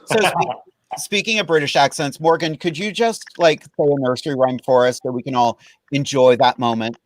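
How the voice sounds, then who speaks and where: A man's voice: mid-range voice, moderate pace, rough recording. A man hosting a casual chat, playful and chatty. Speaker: host, drag queen.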